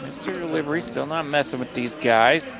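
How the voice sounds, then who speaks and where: A man's voice: fairly high pitch, brisk, vocal fry. A man commentating live poker with playful, jokey banter. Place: card room broadcast booth. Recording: casino crowd noise behind.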